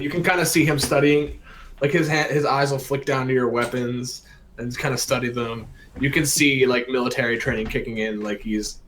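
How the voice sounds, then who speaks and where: A man's voice: medium pitch, fairly bright tone, slight background noise, low-quality recording. A man narrating as game master for a tabletop game in a loose, hesitant way full of fillers.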